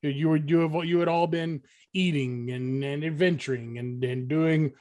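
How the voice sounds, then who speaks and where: A man running a tabletop game as game master, halting with many fillers and easily amused. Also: on the high side, fairly even intonation, a little mellow.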